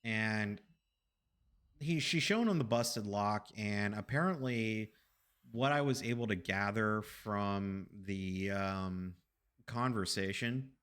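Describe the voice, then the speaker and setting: A man's voice: fairly low pitch, pushed and bright. A man streaming games, telling a story casually with rambling, profane asides to his chat.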